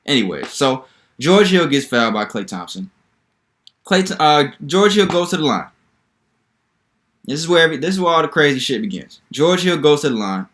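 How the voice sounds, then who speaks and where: A young man hosting a solo basketball commentary video, talking in an animated, incredulous, rambling way with lots of repetition. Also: on the high side, normal speed, pauses often. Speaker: sports video host.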